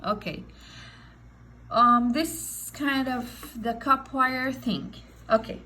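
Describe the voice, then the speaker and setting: A woman with a somewhat high voice teaches a science lesson at a slow, unhurried pace. Her English is non-native in phrasing, and she keeps checking in with her students by asking "okay?". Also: sharp tone, slight background noise, low-quality recording. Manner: slow, explanatory, repeats "okay?" to check understanding. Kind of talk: recorded online lesson.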